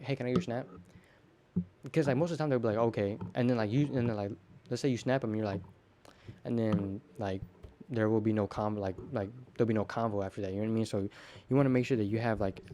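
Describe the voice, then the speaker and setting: A teenage podcast host talks quickly and loosely on his own, his voice mellow, dark, and fairly low. He trips over words and repeats himself while acting out snippets of dialogue, and the whole thing feels off the cuff.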